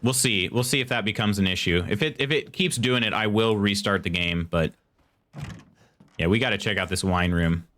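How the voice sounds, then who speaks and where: A man's voice: on the low side, normal speed, a bit bright. Chatty male game streamer. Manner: chatty, reads chat aloud and muses while playing; reads in-game text aloud. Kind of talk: casual live gameplay commentary.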